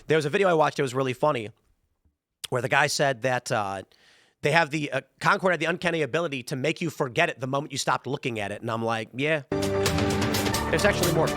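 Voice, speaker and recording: A man's voice: fairly high pitch, animated, fast, pushed and bright, no room sound, studio quality, soft background music. A man from Chicago hosting a show, giving an opinionated commentary monologue in an emphatic way and repeating words when fired up. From Chicago, United States. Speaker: show host.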